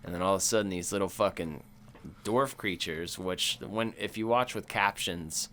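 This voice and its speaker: A man chats casually on a horror podcast in a fairly low voice. He laughs often and jumps into lively impressions of movie dialogue. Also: normal speed, slight background noise. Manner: laughs often, animated mimicking of movie lines. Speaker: podcast co-host. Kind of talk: casual chat.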